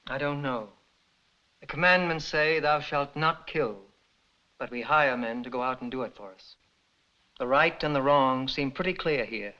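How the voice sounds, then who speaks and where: An actor playing a troubled parson speaking softly and haltingly, apologetic, on an old lo-fi film soundtrack. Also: male voice, mid-range voice, natural voice. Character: troubled hesitant male parson.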